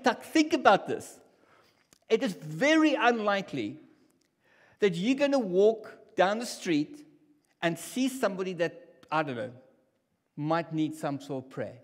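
A man preaching a sermon in a church hall, talking in a casual, conversational way that drops to near whispers and rises to loud bursts. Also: high voice, expressive, normal speed. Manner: conversational, swings from hushed to loud. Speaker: pastor. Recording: long hall reverb.

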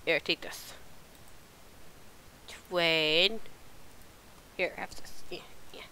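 Woman gamer, let's-play commentary, slow-spoken and exasperated, clear bright tone. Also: on the low side. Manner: animated, exasperated, thinking aloud. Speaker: gameplay video host.

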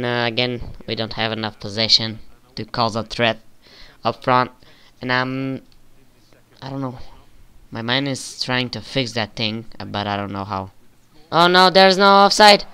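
A man's voice: mid-range voice, clear, resonant tone. Young man swearing through game commentary. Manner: swears often, flares up with frustration and excitement. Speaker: gaming video creator. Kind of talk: casual gameplay commentary.

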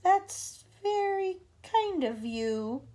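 A woman's voice: very high-pitched, big pitch swings, very slow, mellow, voice pushed up, heavily acted. A woman voicing a polite young boy in a storybook reading, with a startled, earnest way of speaking.

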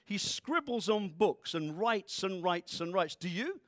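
A man preaching a sermon, playful, with quick asides and comic voices. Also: sits high, sing-song, fairly bright tone, no room sound, studio quality. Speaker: pastor.

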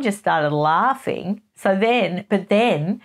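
Aussie lady gossiping away, chatty and giggly, a bit low-pitched. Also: expressive, unhurried. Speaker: host. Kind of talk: casual gossip chat.

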